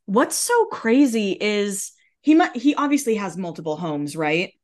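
A woman co-hosting a casual pop culture chat, passing on gossip in an expressive, chatty way. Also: medium pitch. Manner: gossipy, expressive, quick asides. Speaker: podcast co-host.

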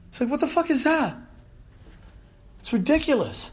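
A man doing a stand-up monologue, animated and loose, swearing casually and acting out shouted bits. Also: extremely high pitch, normal speed. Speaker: stand-up comedian.

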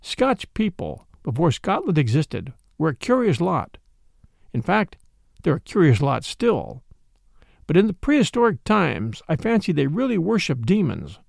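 A soft-spoken, genial old priest with a calm, easy manner, quiet and gentle even in a grim moment, as a male narrator puts him on. A gravelly texture runs under the voice, heard close with no room sound. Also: on the high side, a little slow, no echo, heavily acted.

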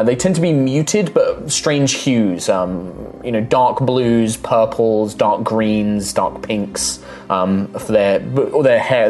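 Rambling man narrating a tabletop game. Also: mid-range voice. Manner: rambling, many fillers. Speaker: game master.

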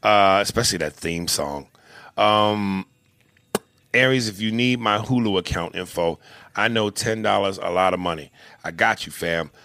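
A man co-hosting a casual comedy podcast reads out listener emails, swearing freely and slipping into silly put-on voices and sung bits. His voice is on the low side, bright and forceful, at normal speed with no echo.

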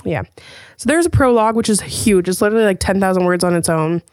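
A woman podcast host rattling through stories in a loose, casual way, cursing freely as she talks. Her voice sits at an ordinary pitch. The sound is dry and close, with no room around it. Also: quick pace, no echo. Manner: chatty, swears freely, animated storytelling. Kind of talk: casual chat.

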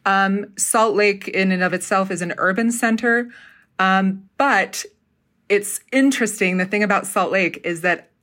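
A middle-aged woman from Utah, a dialect coach and theatre professor, explaining speech patterns in an animated, casual interview chat. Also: medium pitch, unhurried. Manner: animated, acts out accents while explaining.

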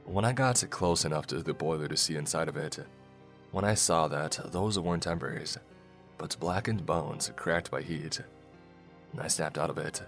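A man narrating a first-person horror story in a measured, storytelling way. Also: a bass voice, fairly bright tone. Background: faint music.

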